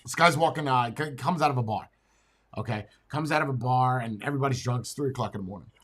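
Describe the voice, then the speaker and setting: A man's voice: medium pitch, quick pace, a bit bright, breathy edge. A man co-hosting a casual talk show, blunt in his opinions, who repeats words and stammers as he tells a long story.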